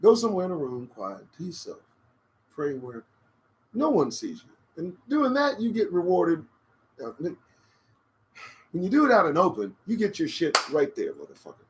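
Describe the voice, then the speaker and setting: A man's voice: fairly high pitch, wildly swooping pitch, moderate pace, pauses often, poor audio. Profane, preachy man hosting a live stream. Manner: profane, preachy, rambling and emphatic. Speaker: host of a live-stream talk show. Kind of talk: casual live-stream monologue. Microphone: desk condenser microphone.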